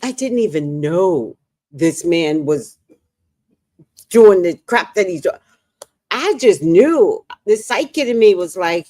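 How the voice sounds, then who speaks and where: A woman hosting a casual livestream as a psychic reader, telling stories with animated, acted-out dialogue. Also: on the low side, slow, pauses often, dry recording, studio quality. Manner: animated storytelling, acts out dialogue.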